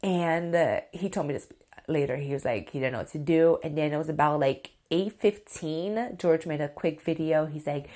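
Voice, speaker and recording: A woman vlogger in her thirties tells a story directly to the camera at a normal pace. Her voice is a little low, and she's excitable and chatty, sprinkling in lots of "like" and "you guys."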